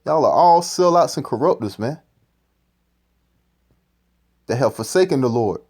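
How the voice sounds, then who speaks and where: A man's voice: mid-range voice, expressive, unhurried, a little mellow, breathy edge. A man giving profane, ranting scripture commentary, repeating "man" at the end of phrases. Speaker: street-style preacher commenting on a clip.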